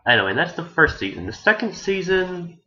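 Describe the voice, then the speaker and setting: A man's voice: on the high side, sing-song, brisk, bright, forceful tone. Rambling man on a muffled recording. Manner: rambling, hesitant, frequent restarts and casual swearing. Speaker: anime reviewer. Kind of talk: casual spoken review.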